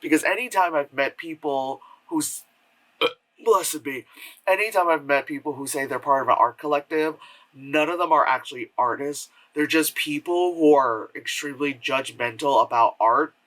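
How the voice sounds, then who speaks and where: A man's voice: a little high, normal speed, a bit bright, poor audio. A man giving a casual spoken film review from home, rambling with lots of fillers and acting out quotes in mocking voices. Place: home room with air purifier hum.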